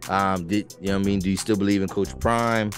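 A man's voice: sits low, steady tone, fairly quick, faint music behind. A man hosting a podcast in casual solo commentary, emphatic and choppy, often repeating words as he gets worked up. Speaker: podcast host.

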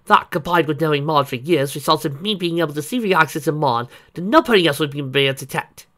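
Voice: mid-range voice, fast, a bit bright, pitched above the performer's own voice, lightly acted. A reader voicing a refined, dramatic female unicorn who speaks in a poised, articulate way. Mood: explaining.

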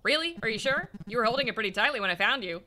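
A player voicing a blunt, helpful female bird who fishes, speaking in a brisk, matter-of-fact way. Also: mid-range voice, animated, bright, forceful tone.

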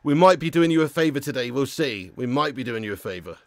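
A man hosting a live football watch-along, commentating as an excitable, swearing fan. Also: medium pitch, fast, no room sound.

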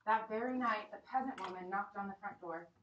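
A woman teacher reads a story aloud to her class with expressive, dramatic delivery. She is recorded from across an echoey classroom, with faint noise behind. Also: medium pitch, a little fast, distant mic.

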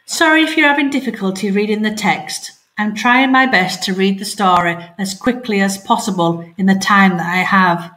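A primary school teacher reading a story aloud in a remote lesson, speaking clearly and asking pupils questions. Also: female voice, medium pitch, moderate pace, few pauses, fairly bright tone.

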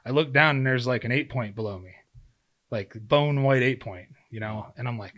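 A man in his thirties, a former pro football player who now hunts, tells a story as a podcast guest in casual conversation. His medium-pitched, slightly bright voice moves at a moderate pace, and he acts out his own quotes with plenty of fillers.

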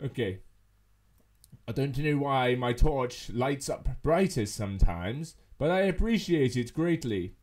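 A man's voice: mid-range voice, animated, measured pace, darkish tone. A man commenting while he plays a horror game, jumpy and yelping, talking back to the monster on screen. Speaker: gamer.

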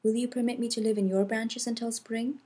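Woman doing polite little bird, broken wing, pleading, mellow breathy tone, storybook. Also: on the high side, steady tone, fairly quick, voice pushed up.

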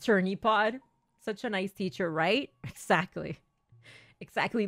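A woman's voice: medium pitch, measured pace, fairly bright tone. A woman gaming streamer chatting live with viewers, playfully acting as a strict teacher and laughing often. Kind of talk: livestream chat, playing a strict teacher to viewers.

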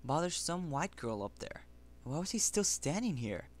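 A man's voice: fairly high pitch, big pitch swings, normal speed, no echo. A man reading a children's novel aloud in an amateur audiobook, with plain, earnest storytelling. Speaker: reader.

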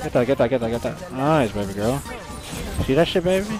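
A young man streaming a video game, loud and profane, trash-talking and yelling at his teammate. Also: mid-range voice, lively intonation, brisk, over music. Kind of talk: casual gaming stream chat.

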